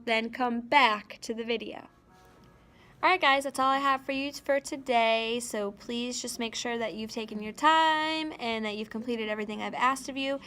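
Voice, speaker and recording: Bright-voiced woman teacher dictating slowly. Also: fairly high pitch. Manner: slow, clear dictation with repeated sentences. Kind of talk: recorded class lesson.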